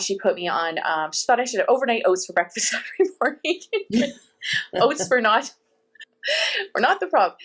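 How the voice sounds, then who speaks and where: Middle-aged woman, interview guest, casual and animated storytelling with bits of acted-out dialogue. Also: medium pitch. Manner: animated, with laughs and quoted dialogue. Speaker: interview guest sharing her health story.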